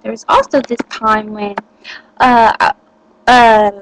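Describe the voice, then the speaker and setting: A woman's voice: a little high, level tone, slow pace, a little hiss or hum, low-quality recording. A teenage girl chatting to the camera, giggly and rambling with lots of fillers. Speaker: vlogger. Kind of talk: casual chat to camera.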